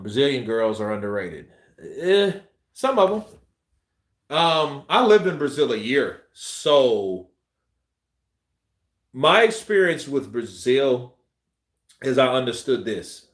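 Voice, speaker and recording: A man's voice: medium pitch, sing-song, measured pace. A man hosting a boxing live stream, reading viewer comments in a loose, joking way and laughing often. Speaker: boxing channel host. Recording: roomy echo.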